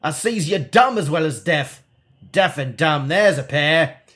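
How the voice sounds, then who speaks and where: A man's voice: expressive, a little slow, a bit bright. A man doing a bawling crabby hermit. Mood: scornful. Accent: Cockney, put on. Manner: bawling, fierce, high-pitched rants. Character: crabby shaggy old male hermit on a pillar.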